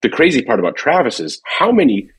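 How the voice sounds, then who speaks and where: A man's voice: medium pitch, huge pitch swings, quick pace, breathy edge. A man chatting casually in a podcast, telling rambling stories from his years at a drum company, full of fillers and restarts.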